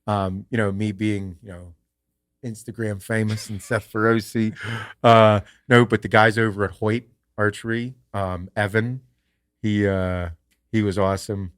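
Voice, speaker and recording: A podcast host telling a casual story in a profane, rambling way. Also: male voice, lowish voice, level tone, measured pace, clean tone. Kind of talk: casual chat.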